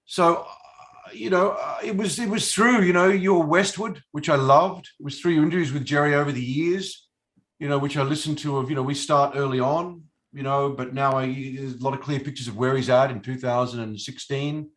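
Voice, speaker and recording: A man's voice: a little high, steady tone, normal speed, fairly bright tone. A middle-aged man, an actor being interviewed, talking casually in a rambling, hesitant way with many fillers and restarts. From Australia. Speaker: actor guest.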